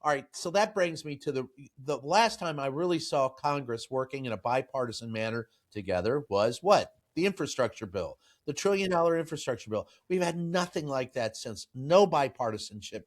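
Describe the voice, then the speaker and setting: A man's voice: medium pitch, animated, normal speed, few pauses. A man hosting a podcast interview, asking direct questions and adding short interjections. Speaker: podcast host.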